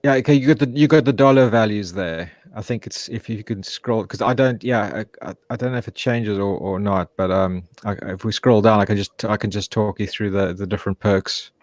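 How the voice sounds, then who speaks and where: A comic creator talks in a flat, monotone voice and keeps stopping to find his words. The sound is dry and close, with no room echo around the man. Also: on the low side. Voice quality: self-described monotone voice. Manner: halting, searching for words. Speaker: comic book creator guest. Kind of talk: casual chat.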